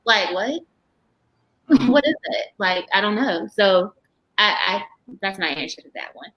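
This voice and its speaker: A woman's voice: mid-range voice, lively intonation, measured pace, pauses often, a bit bright, rough recording. A woman guest on a panel discussion, speaking candidly and emphatically with laughs between her points.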